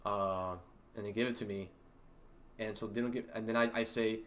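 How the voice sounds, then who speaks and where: Young guy with a lowish voice rambling on his stream, lots of uhs and restarts, chuckles at his own jokes. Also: level tone, quick pace. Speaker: livestream host. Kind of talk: casual storytelling to a livestream chat.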